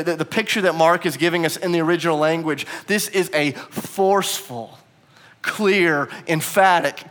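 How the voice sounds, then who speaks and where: A pastor delivers a sermon in a fairly high-pitched man's voice. He preaches with animation, acting out the quoted lines and raising his voice for them. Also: a bit bright. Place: bar used as church venue.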